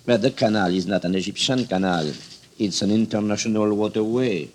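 A middle-aged man speaks with a heavy French accent, his voice sitting very low. He answers questions slowly and carefully, pausing with little fillers as he reaches for the right words in English, which is not his first language. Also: a little mellow, a little hiss or hum. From France. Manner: measured, hesitant, searching for words. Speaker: political guest. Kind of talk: broadcast interview answers.

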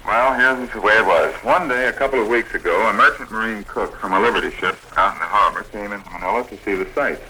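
A man's voice: lowish voice, quick pace, hardly any pauses, sharp tone, a little hiss or hum, poor audio. A man being interviewed about his club on a scripted 1940s radio broadcast, reading his prepared lines steadily and proudly. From United States. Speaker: Red Cross program director.

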